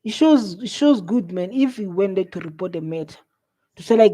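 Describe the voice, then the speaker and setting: A man's voice: sits high, animated, moderate pace, mellow. A South African man hosting a live reaction video, exclaiming and scolding with a lot of repetition.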